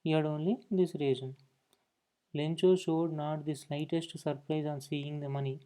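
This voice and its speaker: Guy teaching grammar, mellow dark voice, keeps saying okay. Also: on the high side, steady tone, moderate pace, clear, resonant tone. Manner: explanatory, repeats "okay" between points. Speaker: English teacher. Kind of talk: classroom lesson explaining grammar.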